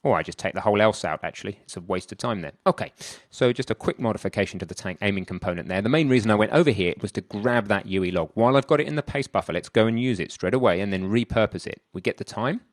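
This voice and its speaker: A man's voice: on the low side, lively intonation, fast, no echo, studio quality. A man thinking aloud in a chatty way as he works through a screen-recorded programming tutorial. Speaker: programming instructor.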